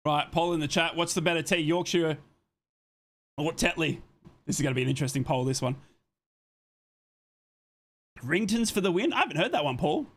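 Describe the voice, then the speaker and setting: A man's voice: a little high, lively intonation. A man hosting a live football watchalong, giving casual play-by-play and chatting with viewers' comments, often apologizing as he goes. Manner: chatty, reads and answers viewer comments between plays; apologetic, quick to say sorry.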